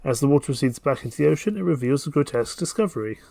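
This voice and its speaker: A male streamer reads a game's story text aloud and breaks off into playful jokes. His voice has a gravelly fry and sits at an ordinary male pitch. The sound is dry and close. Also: lively intonation, racing, mellow, no echo. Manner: playful, jokey asides between narration. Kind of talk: reading a game aloud with commentary.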